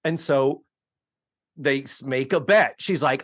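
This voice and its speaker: A man's voice: medium pitch, slow pace, no echo. A man co-hosting a podcast, recapping a sitcom episode in casual chat and acting out the characters' lines. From Orlando. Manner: animated, acts out quoted lines. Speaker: podcast co-host.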